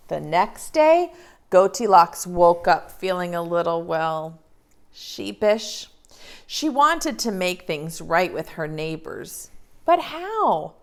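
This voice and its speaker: Slow, sing-song preschool teacher woman. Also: lowish voice, sing-song. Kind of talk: reading a story to young children.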